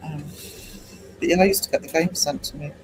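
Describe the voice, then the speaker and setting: An English man in his fifties hosting a casual late-night livestream, rambling and hesitant with many pauses. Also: fairly high pitch, steady tone, slight background noise, poor audio. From England. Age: 50s. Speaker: livestream host.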